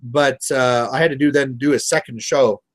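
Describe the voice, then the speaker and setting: A man's voice: medium pitch, fairly even intonation, normal speed. A Canadian man hosting a painting livestream, chatting casually and rambling through stories while he paints. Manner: rambling storyteller, chatty with viewers. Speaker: miniature painting livestream host.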